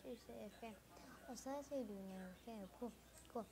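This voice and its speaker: A female gamer in casual commentary, muttering to herself slowly as she plays. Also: on the high side, crowd noise. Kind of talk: gameplay commentary. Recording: game noise behind.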